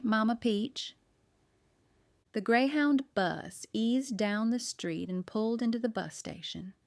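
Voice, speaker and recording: A woman reads a novel aloud in an even, storytelling manner. Her voice is smooth and clear, recorded close and dry with no room sound. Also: medium pitch, no echo. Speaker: audiobook narrator. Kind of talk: scripted narration.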